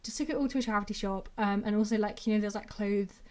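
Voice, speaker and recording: A woman's voice: mid-range voice, fast. A woman in her twenties from England with a mixed Brummie and Mancunian accent, chatting casually and rambling on her own podcast. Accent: English, a mix of Brummie and Mancunian. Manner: rambling and chatty, with constant "like" fillers. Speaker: podcast host. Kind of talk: casual solo podcast chat.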